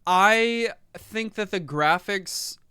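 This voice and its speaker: A man's voice: high-pitched, extremely slow, pushed and bright, smooth, no echo, clean studio sound. A man co-hosting a casual podcast chat, thinking aloud with restarts and trailing asides. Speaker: podcast co-host. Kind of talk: casual chat about a retro game.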